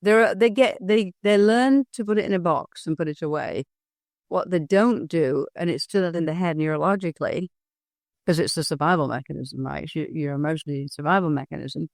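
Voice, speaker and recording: A woman's voice: low-pitched, no room sound, clean studio sound. A middle-aged woman, a hypnosis trainer, speaking as a guest in an interview, talking earnestly and telling stories with animation and frequent restarts. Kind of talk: candid interview talk.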